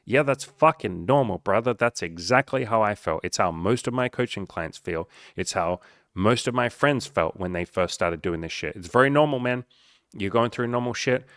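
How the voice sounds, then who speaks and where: A man's voice: lowish voice, fairly bright tone, no echo, studio quality. A young man, a coach, talking straight to camera in a blunt, profane, earnest and encouraging way. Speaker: dating and life coach. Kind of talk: casual direct-to-camera talk.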